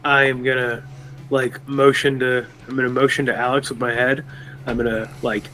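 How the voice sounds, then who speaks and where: A man's voice: mid-range voice, level tone, normal speed, pushed and bright, a little hiss or hum, rough recording. A man playing a tabletop game, thinking aloud and restarting as he describes his actions. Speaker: player.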